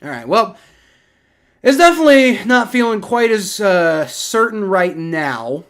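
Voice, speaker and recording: A man from Ohio with a Southern accent, giving excitable, rambling live play-by-play reaction commentary on a football game and swearing when frustrated. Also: high voice, unhurried. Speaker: livestream sports reaction host.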